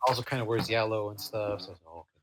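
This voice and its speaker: A man co-hosting a casual comic book discussion, playful and animated. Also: fairly low pitch, very fast, a little hiss or hum. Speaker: co-host.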